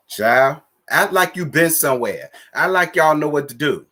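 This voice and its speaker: A man hosting a casual live stream who chats with his viewers in a sassy, blunt and profane way, giving shout-outs and calling for likes. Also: on the high side.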